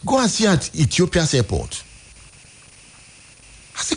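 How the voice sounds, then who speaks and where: A Nigerian man hosting a radio show, giving emphatic, exasperated commentary in a husky voice. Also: sits high, wildly swooping pitch, unhurried. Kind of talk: impassioned on-air commentary. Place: radio studio.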